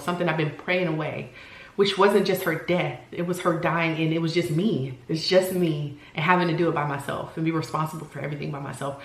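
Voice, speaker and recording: A woman in her forties who talks candidly and earnestly in a personal vlog, often pausing to search for words. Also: sits low, reverberant. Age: 40s. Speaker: vlogger.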